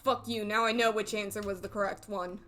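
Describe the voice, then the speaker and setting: A woman's voice: mid-range voice, fairly even intonation, fairly quick, a bit bright, soft background music. A woman streamer giving casual, joking commentary while playing a game, crude and often cutting herself off. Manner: joking, crude, self-interrupting.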